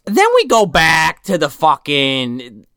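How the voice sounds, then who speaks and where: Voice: mid-range voice, wildly swooping pitch, takes it slowly, gravelly, bright, forceful tone, clean tone, no room sound. A person chatting casually about a film plot, joking and swearing with laughing asides. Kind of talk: casual chat recapping a film.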